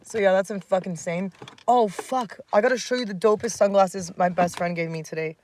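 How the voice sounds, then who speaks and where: A woman in her thirties, fairly quick and medium-pitched with a slightly mellow tone, livestreams from home at night over a little hiss or hum. She rants bluntly and heatedly with frequent swearing, and coos baby talk to her dog.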